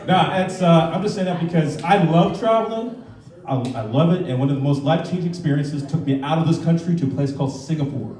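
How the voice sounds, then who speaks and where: A brisk, mellow, somewhat high voice belongs to a man in his thirties doing conversational stand-up in a comedy club. He slips into acted-out voices as the audience laughs, and the mic picks him up from far off in the roomy room.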